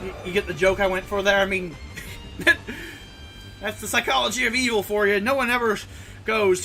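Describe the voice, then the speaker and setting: A man's voice: high-pitched, steady tone, normal speed, gravelly, pauses often, pushed and bright, soft background music. A man streaming a game and chatting casually in a sarcastic, rambling way. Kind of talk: casual gaming commentary.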